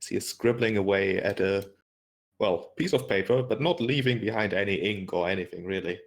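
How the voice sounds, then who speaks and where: A man's voice: fairly low pitch, moderate pace. A man narrating as game master in a tabletop game, describing scenes hesitantly with frequent fillers and restarts.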